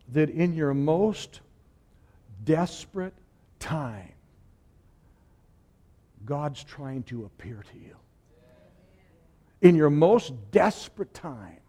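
A high-voiced male preacher delivering a sermon with sweeping dynamics. He drops to hushed near-whispers, then climbs into loud, soaring declarations, pausing to have the congregation repeat his lines. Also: breathy edge. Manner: dynamic, swings from hushed to shouted; call-and-response with the congregation.

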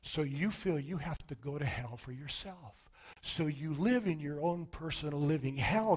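A man preaching a sermon as pastor, acting out the voices of doubting people, swinging from shouts to near whispers. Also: a little high, breathy edge. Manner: dramatic, swings from shouting to hushed, acts out voices of congregants.

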